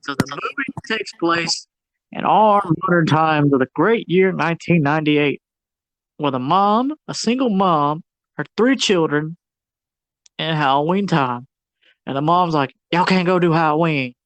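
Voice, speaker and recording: A man recaps a film for a podcast in a loose, joking, slang-heavy way, now and then dropping into silly put-on voices. His voice sits fairly high for a man. The sound is dry and close, with no room echo. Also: lively intonation, unhurried, a bit bright. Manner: slangy, jokey storytelling with playful put-on voices. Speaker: movie review podcast co-host. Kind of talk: casual chat.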